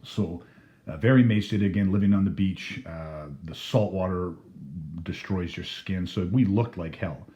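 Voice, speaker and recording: A man's voice: sits low, normal speed, mellow, muffled recording. A man telling a story casually, laughing through his words and swearing freely. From Canada.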